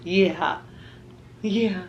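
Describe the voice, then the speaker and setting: A woman's voice: mid-range voice, drawn-out words, highs cut off, a little hiss or hum. A young woman, chatting casually to camera as a mom vlogger and laughing often.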